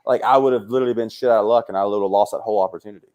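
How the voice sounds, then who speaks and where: A young adult man, a comedian telling fight stories in casual chat. He swears freely and jumps into high voices when he quotes people. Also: steady tone, racing, a little mellow. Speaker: comedian guest. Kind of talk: casual storytelling.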